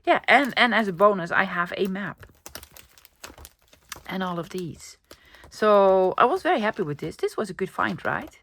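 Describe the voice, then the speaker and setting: A woman's voice: medium pitch, animated, moderate pace, pauses often, a bit bright, a little hiss or hum. Chatty woman vlogger. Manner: chatty, enthusiastic, thinking aloud. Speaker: craft vlogger. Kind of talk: casual show-and-tell vlog.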